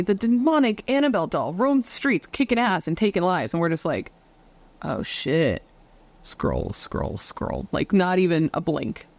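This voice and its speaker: Lively, chatty woman telling spooky stories. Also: fairly low pitch. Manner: chatty, swears casually, asks viewers rhetorical questions. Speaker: true crime YouTuber. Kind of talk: casual true-crime storytelling.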